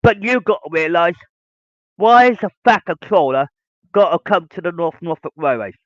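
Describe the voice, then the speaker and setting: A man's voice: high-pitched, expressive, moderate pace, fairly bright tone, dry recording. A man hosting a podcast monologue, lecturing his listeners in a ranting, repetitive way. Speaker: podcast host. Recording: dull lo-fi dry sound.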